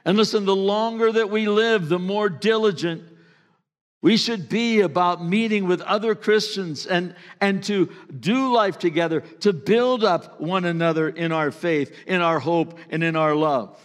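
A man's voice: high-pitched, a little slow. Man preaching in an echoing church. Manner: earnest, conversational preaching with sudden drops to a hush. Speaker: pastor. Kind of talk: sermon. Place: church sanctuary. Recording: long reverb of a church hall.

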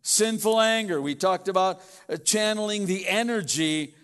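A man's voice: high-pitched, normal speed, fairly bright tone, clear, resonant tone. Man, pastor preaching, conversational, stumbling restarts, acted-out quotes, long hall reverb. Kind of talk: sermon.

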